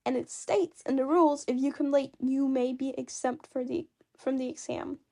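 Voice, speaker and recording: Brief: high-pitched woman, non-native English, animated self-mocking storyteller who laughs a lot. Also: normal speed, creaky. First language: not English. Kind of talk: casual storytelling narration.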